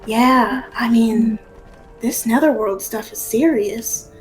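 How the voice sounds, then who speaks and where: Bubbly young NPC girl, high excited outbursts, voiced by a woman. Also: slow pace, soft background music, low-quality recording. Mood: chirpy. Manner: excitable, high and loud exclamations.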